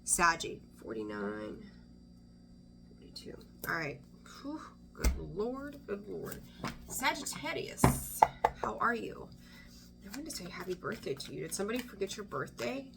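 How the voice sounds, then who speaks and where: A woman's voice: medium pitch, very animated, normal speed, background noise. A woman giving a casual weekly tarot reading, chatty and blunt, swearing freely and often trailing off to restart her sentences. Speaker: tarot reader.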